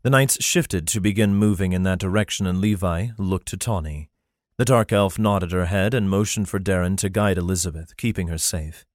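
A man narrating a fantasy novel in a steady, even storytelling manner. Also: low voice, normal speed, dry recording, studio quality. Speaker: audiobook narrator.

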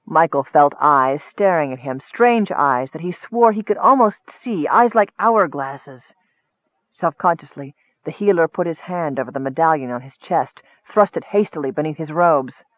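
A man giving steady, expressive scripted narration of a fantasy novel. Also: on the high side, normal speed, dry recording. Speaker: audiobook narrator. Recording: tinny phone-like dry sound.

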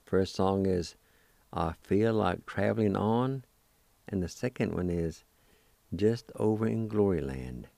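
A man teaches vocabulary on a radio language lesson, breaking each word into slow, careful syllables. His voice is mellow and sits fairly low, and he speaks with unhurried patience. The sound is close and dry. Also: vocal fry, no room sound. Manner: patient, encouraging instruction.

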